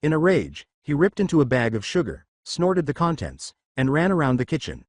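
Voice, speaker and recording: A man narrating a fan fiction story in a scripted, expressive storytelling manner. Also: fairly high pitch, moderate pace, no echo, clean studio sound.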